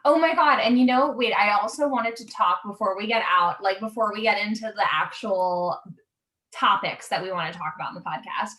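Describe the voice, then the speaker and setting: A woman's voice: mid-range voice, fairly quick, sharp tone, rough recording. A woman from New York co-hosting a comedy podcast, chatting casually, laughing often and swearing, over a remote call. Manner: giggly, frequent laughter, swearing. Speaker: podcast co-host. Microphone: remote call setup.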